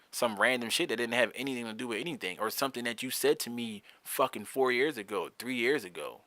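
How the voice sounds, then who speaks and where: A man's voice: medium pitch, bright, forceful tone, no echo, studio quality. A young man hosting a solo podcast, talking candidly in a heated, profane, rambling way with frequent restarts. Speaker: podcast host.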